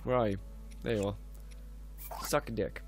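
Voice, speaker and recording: A man's voice: fairly low pitch, steady tone, normal speed, gravelly, darkish tone, soft background music. A man giving casual let's-play commentary, full of profane, muttered asides. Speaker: gameplay commentator.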